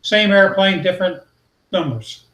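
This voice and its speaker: A man's voice: high-pitched, animated, measured pace, fairly bright tone, slight background noise. A man on a casual video call, patiently explaining aircraft details and his model building. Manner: knowledgeable, explains aircraft designations step by step. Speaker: guest on a hobby hangout. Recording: roomy echoey room sound.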